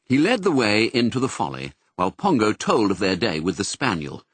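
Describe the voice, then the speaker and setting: Casting: male audiobook narrator, very lively pitch, slightly husky, dry close sound. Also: dry recording. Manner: expressive, measured storytelling.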